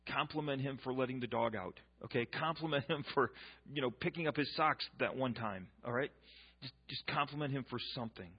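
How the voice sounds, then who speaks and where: Man, pastor, sermon, husky, emphatic, repeats points, muffled lo-fi sound. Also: medium pitch. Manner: emphatic, repeats key lines, joking asides.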